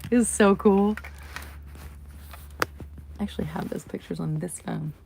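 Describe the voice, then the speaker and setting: A woman's voice: medium pitch, a little slow, gravelly, darkish tone, a little hiss or hum. A woman hosting a casual livestream from home, telling a rambling story full of asides. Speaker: livestream host.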